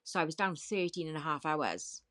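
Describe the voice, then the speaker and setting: A woman with a low, animated voice and a fairly bright tone appears as a guest on a podcast interview, speaking at a moderate pace. She vividly retells a personal story, repeating the key points and quoting what others said along the way.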